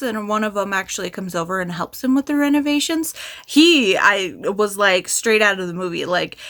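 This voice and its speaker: A woman's voice: medium pitch, sharp tone. A woman giving a candid, chatty book review in a casual vlog, with frequent ums and likes. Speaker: book vlogger.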